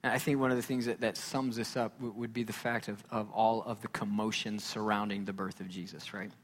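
A man preaching a sermon as a pastor, emphatic and repetitive, swinging from loud declarations to hushed tones. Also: fairly low pitch, flat delivery, fairly quick. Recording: long hall reverb.

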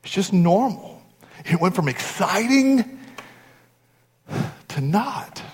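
A man's voice: sits high, big pitch swings, takes it slowly. A man in his forties, a pastor giving a sermon in an earnest, conversational storytelling way. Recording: long hall reverb.

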